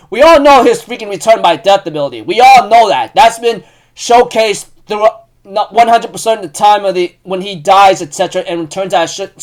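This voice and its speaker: A man giving a casual recap of an anime episode, excitable and rambling, with lots of "you know" fillers. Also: sits high.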